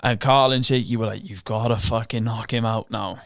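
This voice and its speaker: A man's voice: on the low side, fairly even intonation, moderate pace, vocal fry, dry recording, studio quality. A professional fighter guesting on a podcast, telling his story frankly and profanely, acting out what he and others were thinking. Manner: frank and profane, relives moments with quoted inner thoughts. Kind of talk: casual interview storytelling.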